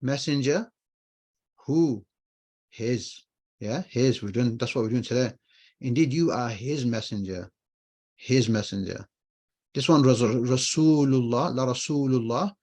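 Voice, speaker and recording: An unhurried man teaches an online Arabic class, leaving long pauses in his slightly mellow, mid-range voice. Patient in his explanations, he repeats key phrases and responds to his own questions.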